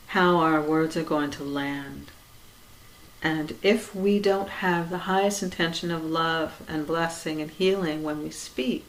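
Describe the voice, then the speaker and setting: A woman giving a reflective spiritual talk in a conversational way, with many "you know"s, soft laughs, and quiet trailing phrases. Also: low-pitched, low-quality recording. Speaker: dharma talk speaker.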